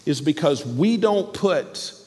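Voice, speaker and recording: Emphatic preacher in a reverberant hall. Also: male voice, fairly high pitch, expressive, takes it slowly, a little mellow. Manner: emphatic, repeats words when pressing a point. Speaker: pastor. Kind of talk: sermon.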